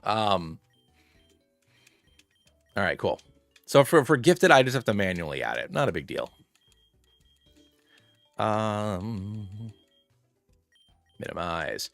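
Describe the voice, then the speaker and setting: A man streaming a game live, rambling through his moves and excitedly thanking viewers by name. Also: on the low side, slow, creaky, pauses often, no room sound, faint music behind. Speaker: streamer playing a fusion monster game. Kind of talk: casual live-stream chat and game commentary.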